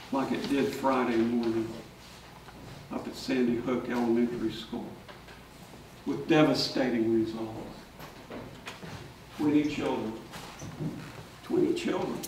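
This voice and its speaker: A priest, a man, tells his story from the pulpit at a slow, unhurried pace. He is picked up from far off in a large church, with a deep echo around his voice and a faint hum of room noise behind. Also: steady tone. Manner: storytelling, shouting out the lines of people in the story. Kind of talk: sermon.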